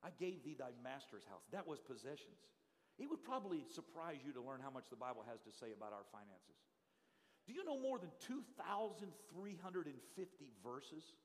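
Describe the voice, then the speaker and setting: A middle-aged male pastor, telling stories in a sermon and swinging from hushed telling to loud shouting. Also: mid-range voice, big pitch swings, normal speed. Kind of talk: storytelling sermon. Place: church sanctuary. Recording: live church hall reverb.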